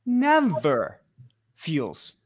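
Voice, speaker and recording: A man as a guest teacher explaining things in casual conversation, animated and laughing often. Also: fairly high pitch, extremely slow, husky.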